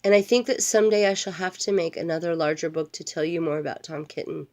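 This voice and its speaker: A woman's voice: fairly low pitch, steady tone, quick pace, a little mellow, slight background noise. An older woman, a grandmother, reading a storybook aloud to her grandchild and wandering into playful, chatty asides. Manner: playful, digressive, talks straight to a grandchild.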